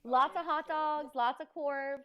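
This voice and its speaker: An American woman chatting as a podcast guest, telling stories in an animated way and acting out the exchanges she describes. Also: high-pitched, unhurried, dull audio. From United States. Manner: animated storyteller who acts out quoted exchanges. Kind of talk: casual chat.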